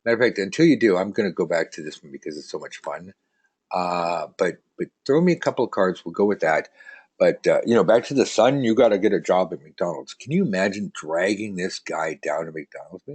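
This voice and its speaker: Husky-voiced man teaching a casual lesson. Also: low-pitched, brisk, darkish tone. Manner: chatty, rambling, joking, reads out viewer comments. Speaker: tarot teacher. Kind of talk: casual live online lesson.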